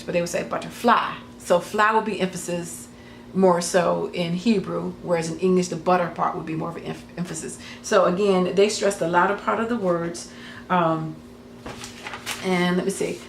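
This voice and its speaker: A woman's voice: on the low side, gravelly. A woman explaining casually to camera in a rambling, hesitant way, with many ums and self-corrections. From United States. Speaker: craft channel host. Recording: echoey room with faint noise.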